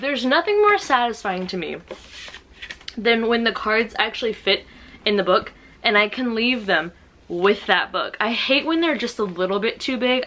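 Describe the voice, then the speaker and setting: A young woman from the United States talks through her book haul and her day in a loose, chatty vlog. Her voice is bright and forward, her tone excitable, and she keeps breaking in with self-mocking asides. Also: mid-range voice. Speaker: book vlogger. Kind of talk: casual vlog chat.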